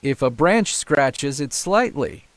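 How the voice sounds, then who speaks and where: A man giving outdoor snake-education commentary, with frequent excited exclamations and slow, careful explanations. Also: medium pitch, no room sound. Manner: excited exclamations, counting aloud.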